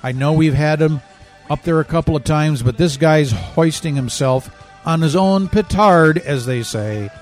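A man's voice: a little high, unhurried, soft background music. A man hosting a talk radio show, delivering a fervent, emphatic political monologue with a preachy edge, a bit out of breath.

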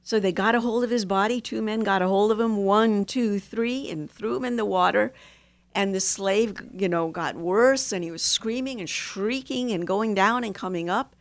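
A woman therapist, a guest on a talk show, calmly telling a story and giving advice. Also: mid-range voice, no echo. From United States. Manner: calm, measured, instructive. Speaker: marriage and family therapist, guest. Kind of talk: casual interview chat, storytelling.

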